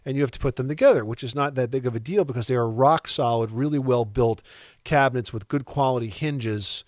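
A man's voice: medium pitch, fairly quick, darkish tone, no echo, clean studio sound. A man hosting a home-improvement call-in radio show, giving confident, matter-of-fact advice.

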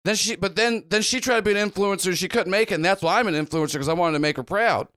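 A man's voice: high voice, fairly bright tone, dry recording, clean studio sound. A man voicing a panicky teenage girl influencer who fires off frantic questions. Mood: rambling. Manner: frantic, rapid-fire questions.

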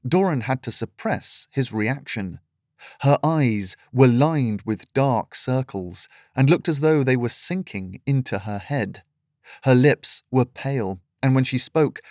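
A man reading a fantasy story aloud in steady, measured scripted narration. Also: mid-range voice, no room sound, studio quality.

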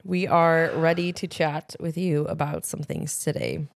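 A woman co-hosting a podcast, chatting casually and telling lively family stories. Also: low voice, unhurried, creaky, dry recording. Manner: animated storyteller acting out family moments. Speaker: podcast co-host. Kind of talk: casual chat.

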